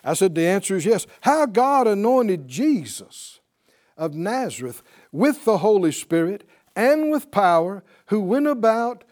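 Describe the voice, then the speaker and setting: A man with a high, very animated voice teaches a Bible class in a classroom. He talks slowly and with emphasis, pausing to quiz his students with questions.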